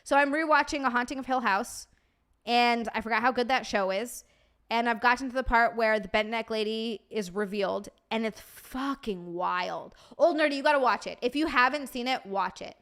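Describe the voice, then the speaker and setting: Young woman streaming, chatty and sweary, talks to chat, kinda high voice. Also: normal speed, a bit bright. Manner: chatty, swears freely, reads chat aloud. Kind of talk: casual live-stream chat.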